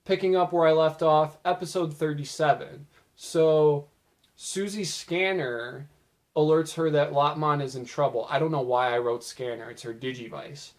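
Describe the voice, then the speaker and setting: A young man talks through his favorite scenes in a casual, chatty way. His voice sits a little high for a man and sounds slightly worn and strained. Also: normal speed. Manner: casual, chatty, quoting lines in lively put-on voices. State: losing his voice. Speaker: video host recounting show moments. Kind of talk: casual narrated recap.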